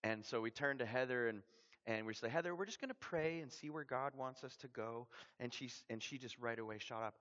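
A man from Canada delivers a sermon as a vivid story, jumping between loud, excited lines and quiet, hushed moments. His voice sits in an ordinary middle range. The sound is a little dull and muffled, as from a church recording. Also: medium pitch, brisk. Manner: animated storyteller, acts out dialogue, dramatic drops to quiet. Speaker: missionary preacher.

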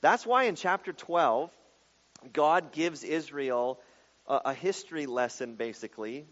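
A man's voice: fairly high pitch, lively intonation, a little slow, fairly bright tone, in a large hall, lo-fi sound. A man preaching through a Bible passage verse by verse, explaining it in a casual, conversational way with frequent asides. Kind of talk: bible teaching sermon.

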